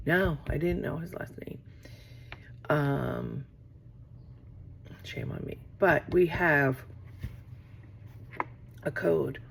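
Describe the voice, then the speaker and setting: A woman's voice: sits low, drawn-out words, vocal fry, pauses often, a little hiss or hum. A middle-aged woman talking casually to camera from her office, rambling and acting out conversations she has had. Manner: rambling, acts out quoted exchanges. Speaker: vlogger.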